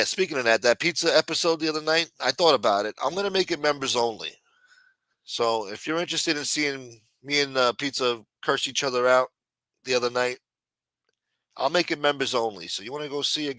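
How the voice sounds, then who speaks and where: A man's voice: mid-range voice, fairly quick, sharp tone, no echo. A man hosting a livestream, chatting casually and profanely to his chat and acting out quotes as he retells stories. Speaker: livestream host.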